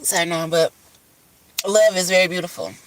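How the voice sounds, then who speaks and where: A woman's voice: on the low side, normal speed, background noise. A woman talking casually on a livestream from her phone, blunt and full of profanity. She rambles about love and self-care, tired and puffy-eyed after crying. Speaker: livestream host. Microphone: phone camera.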